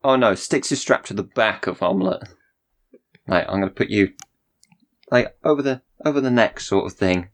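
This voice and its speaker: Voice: mid-range voice, normal speed, pauses often. A player in a tabletop role-playing game, giggly and describing their character's moves. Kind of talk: tabletop role-play chat.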